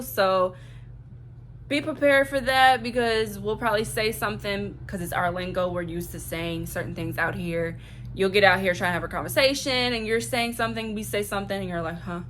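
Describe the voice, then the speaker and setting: A woman's voice: mid-range voice, a bit bright, a little hiss or hum. A young woman from Louisiana with a Southern accent, chatting bluntly and profanely to camera in a vlog, hammering points home with repetition. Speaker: vlogger. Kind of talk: casual chat to camera.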